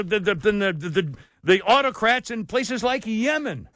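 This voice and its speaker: A man hosting a talk radio show, ranting with sarcasm and indignation, swinging between loud outbursts and low asides. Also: animated, moderate pace, no room sound. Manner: indignant, sarcastic, rants loudly then drops low. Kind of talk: opinionated talk radio monologue.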